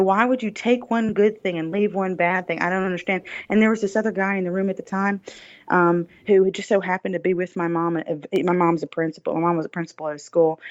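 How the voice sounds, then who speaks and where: A woman's voice: fairly low pitch, a little mellow, muffled recording. A woman guest on a podcast, telling her personal testimony earnestly, with many fillers and restarts.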